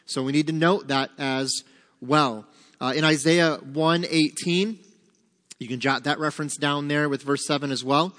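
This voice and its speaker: A man's voice: on the high side, fairly even intonation, moderate pace, a bit bright. Man teaching Scripture in a hall. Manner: asks the class questions, then answers them. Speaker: Bible teacher. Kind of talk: interactive Bible study teaching.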